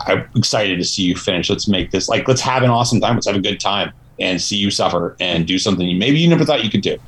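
A man's voice: fairly low pitch, expressive, quick pace, a bit bright, breathy edge. A man being interviewed as a race director, talking casually with lots of fillers, restarts and laughter, acting out quotes. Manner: rambling, full of fillers, laughs often, acts out quotes. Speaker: race director, podcast guest.

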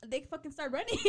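A woman in her late twenties chatting casually as a co-host, animated and out of breath, swearing freely and slipping into Spanish. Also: a little high, slight background noise. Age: late 20s. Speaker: podcast co-host. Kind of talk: casual chat.

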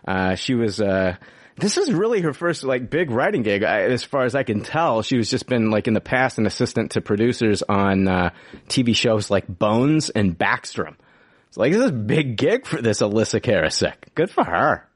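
A man hosting a casual podcast chat, animated and joking, laughing often and swearing casually. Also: fairly low pitch, normal speed, dry recording, clean studio sound. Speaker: podcast host.

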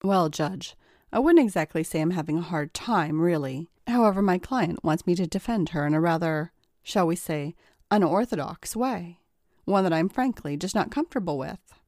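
A woman voicing a cautious, earnest woman lawyer who speaks in a measured, polite way. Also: lowish voice, expressive, a little mellow, dry recording, studio quality, lightly acted.

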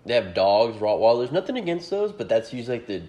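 A man's voice: mid-range voice, sing-song, fast talker, dark tone, lo-fi sound. A man in his twenties hosting a podcast, telling rambling, profane stories in casual chat and acting out the quotes. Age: 20s. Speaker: podcast host.

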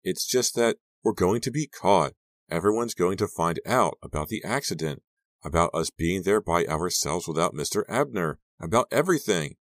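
A man's voice: deep voice, expressive, normal speed, dry recording, clean studio sound. A man voicing a distraught teenage girl who keeps crying and wails her fears in a shaky, pleading way. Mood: anxious, tearful.

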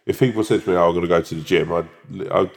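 Young man, very deep voice, animated casual co-host. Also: rapid-fire. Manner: animated, swears, acts out little voices. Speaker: podcast co-host. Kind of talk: casual chat.

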